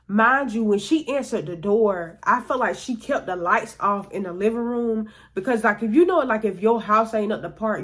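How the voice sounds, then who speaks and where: Rambling, profane woman telling a story. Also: medium pitch. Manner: rambling, profane, filler-heavy. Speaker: storytime vlogger. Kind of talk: casual storytelling.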